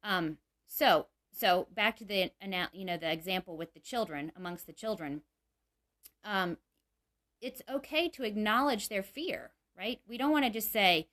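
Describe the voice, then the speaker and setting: Earnest mom talking parenting, lots of "you know", mid-pitch voice. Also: female voice, animated, a little slow, a bit bright. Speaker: mother giving parenting advice. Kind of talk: casual talk.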